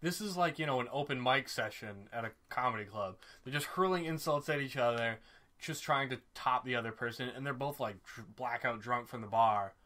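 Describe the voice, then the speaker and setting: A man co-hosting a podcast, recapping reality TV in casual, profane, gossipy chat that gets excitable. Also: mid-range voice, a little fast. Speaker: podcast co-host.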